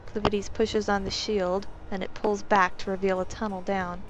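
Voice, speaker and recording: Calm woman narrating a story. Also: medium pitch, normal speed, few pauses, slight background noise. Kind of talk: scripted narration of a game story.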